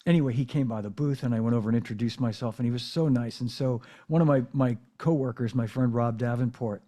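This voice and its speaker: Mellow-voiced man telling rambling stories. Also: medium pitch, fast talker. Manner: rambling storyteller, many fillers and restarts. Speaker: podcast host. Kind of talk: casual interview chat. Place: home drum room.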